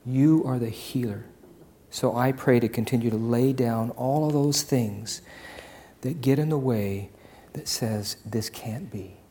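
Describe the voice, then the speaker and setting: Man preaching, loud then hushed. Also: medium pitch, unhurried. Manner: swings from loud impassioned preaching to hushed near-whisper. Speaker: pastor. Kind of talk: sermon.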